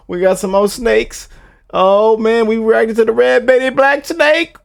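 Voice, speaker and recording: A man's voice: extremely high pitch, steady tone, unhurried, creaky, no room sound, clean studio sound. A young American man hosting a casual reaction video, playful and mock-scared, laughing often and repeating himself. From United States.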